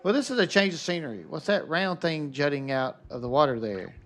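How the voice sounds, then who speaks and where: A man's voice: on the high side, lively intonation, brisk, fairly bright tone. Chatty male game streamer. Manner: chatty, talks to viewers by name. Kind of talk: casual live gameplay commentary.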